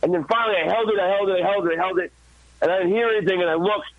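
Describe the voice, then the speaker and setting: A man, a guest and former radio intern, telling an animated, profane story in a podcast interview. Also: sits high, very fast, no echo, phone-quality sound. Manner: profane, excited, acts out his own shouts.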